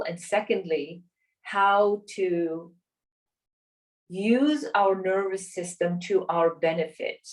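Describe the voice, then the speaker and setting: A woman teaching a yoga class, giving calm, encouraging instructions with the odd restart. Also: fairly low pitch. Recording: voice a bit away from the mic.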